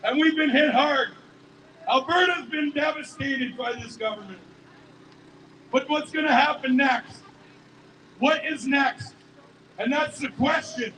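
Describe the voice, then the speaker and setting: A man shouting a rousing speech to a protest crowd outdoors, heard from far off over the noise. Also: very high voice, unhurried, pauses often, echoey room. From Canada. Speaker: rally speaker. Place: outdoor city square rally. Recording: distant PA with loud crowd.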